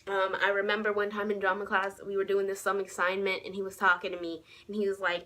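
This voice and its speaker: A young adult woman vlogging, telling a casual story time in a sassy, animated way. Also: medium pitch, fast talker, hardly any pauses, rough recording.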